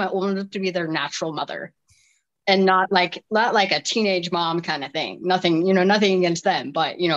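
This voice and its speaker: A woman's voice: lowish voice, a bit bright, muffled recording. A woman in her forties, a deaf soccer player from the United States, chatting in an interview and telling stories animatedly with frequent restarts and laughter. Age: 40s. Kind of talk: casual interview chat.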